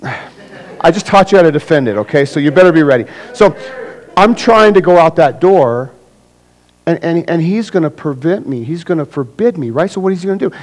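Animated pastor preaching, loud then hushed. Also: male voice, poor audio. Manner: animated, acts out scenes with sudden loud bursts; drops to a hushed low voice for serious points. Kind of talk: sermon.

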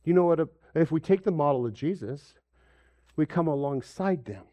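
A pastor preaches a sermon at normal speed, and the audio sounds dull. He is animated, putting questions to the congregation and acting out the voices he quotes with big jumps in pitch.

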